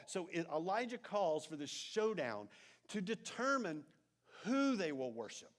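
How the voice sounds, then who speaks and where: A man preaching a sermon as pastor, telling a story with animated emphasis and then dropping into soft, intense asides. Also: high-pitched, a little slow. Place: church sanctuary.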